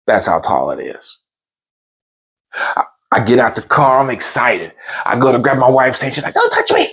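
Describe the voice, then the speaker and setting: Man, comedic storyteller, lively swooping pitch, casual and animated. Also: normal speed, husky. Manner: animated, acts out the voices in his stories.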